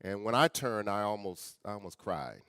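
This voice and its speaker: A middle-aged man, a guest speaker and author, telling a personal story in an earnest, conversational way and often dropping to a soft, quiet voice. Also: lowish voice, expressive, moderate pace, no echo, studio quality. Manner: earnest, conversational, addresses audience as y'all; often drops soft and quiet for emotional moments.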